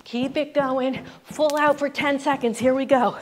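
A woman's voice: sits high, fairly even intonation, a little slow, slight background noise. A woman fitness instructor giving upbeat, encouraging cues and counting down reps while she bounces on a rebounder herself. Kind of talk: live workout coaching.

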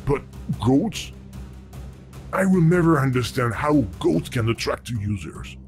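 A man voicing a deadpan guide figure in a video game. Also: mid-range voice, vocal fry. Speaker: game character.

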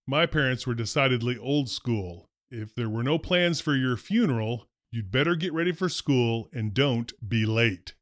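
A man, a former school principal, tells stories from his career in a wry, deadpan first-person narration. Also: mid-range voice, normal speed, hardly any pauses, no room sound. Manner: dry, wry humor, deadpan delivery.

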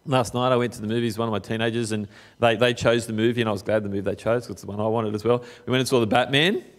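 A middle-aged pastor preaches conversationally, asking his listeners questions directly. His pitch swings lively, and at times he slows down to stress a point.

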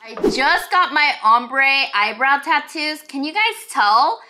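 A woman's voice: high voice, animated, takes it slowly, pushed and bright. A young woman hosting a casual eating vlog, bubbly and chatty as she eats and talks to her viewers. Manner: bubbly, greets viewers as honeybees. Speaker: mukbang host.

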